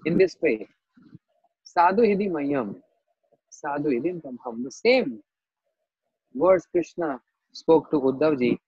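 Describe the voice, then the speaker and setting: A man gives a scripture lecture in a fairly high voice with a husky edge. He tells a story, repeats phrases and checks in with his listeners. The sound is dry and a bit dull. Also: sing-song, takes it slowly, long pauses, a little mellow, no echo. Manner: explains verses, repeats phrases, asks listeners "understand?". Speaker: spiritual teacher.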